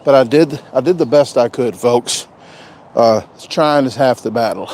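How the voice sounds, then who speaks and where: A man's voice: mid-range voice, normal speed, a little mellow, slight background noise. A man chatting casually on a live stream, rambling and joking, often repeating himself. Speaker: vlogger doing a live stream.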